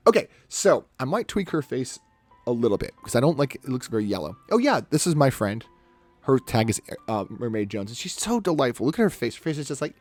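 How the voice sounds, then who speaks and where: A man talking casually on a live stream as he edits photos, narrating each step aloud in a chatty way. His pitch swings widely as he goes, with faint music playing behind him. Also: big pitch swings, darkish tone. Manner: chatty, talks himself through each step, quick laughs.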